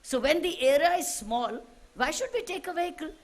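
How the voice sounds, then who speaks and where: A high-voiced woman with an Indian English accent delivers a public speech to students. She exhorts them, repeating points and firing rhetorical questions back at her listeners. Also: expressive, fairly quick. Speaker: official addressing students.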